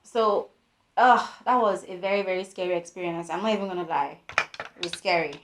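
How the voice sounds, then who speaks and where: Animated woman telling a story. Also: lowish voice, a little fast, reverberant, noisy background. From Nigeria. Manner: animated storytelling with voiced quotes. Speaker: vlogger. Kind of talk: storytime vlog.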